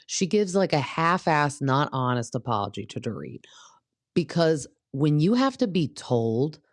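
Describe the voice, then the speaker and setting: A woman's voice: low voice, sing-song, unhurried, no echo, clean studio sound. A young woman hosting a casual recap show, chatty and opinionated, acting out what people said. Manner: chatty, opinionated, acts out quotes. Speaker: podcast host recapping reality TV. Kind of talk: casual chat.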